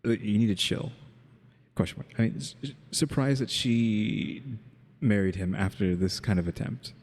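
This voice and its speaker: A man's voice: lowish voice, normal speed, darkish tone, in a large hall. A man co-hosting a reaction video in casual chat, rambling and wry, often saying "question mark" aloud. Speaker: reaction channel co-host.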